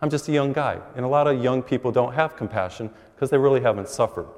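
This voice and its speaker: Middle-aged priest preaching in a reverberant church. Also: male voice, mid-range voice, quick pace. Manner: animated storytelling with acted quotes. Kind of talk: sermon. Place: large church.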